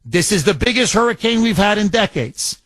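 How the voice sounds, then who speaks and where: A man's voice: high-pitched, sing-song, moderate pace, a bit bright, no room sound. A man co-hosting a talk radio show, ranting with indignation, repeating and restarting his phrases.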